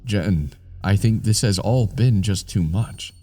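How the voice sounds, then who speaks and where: A man reading as a frightened young husband who pleads gently with his wife, his voice low and unhurried. A soft bed of music sits under the horror story. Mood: pleading.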